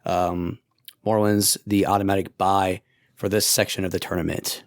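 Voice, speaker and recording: A man with a raspy voice hosting a podcast in casual chat, laid-back and chatty. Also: deep voice, flat delivery, normal speed, dry recording, clean studio sound. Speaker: podcast host.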